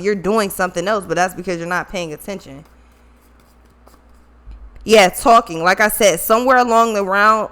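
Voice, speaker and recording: A woman's voice: mid-range voice, fairly bright tone. Blunt, cussing tarot reader woman. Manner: blunt, swears freely, repeats herself for emphasis. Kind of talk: casual spiritual tarot reading.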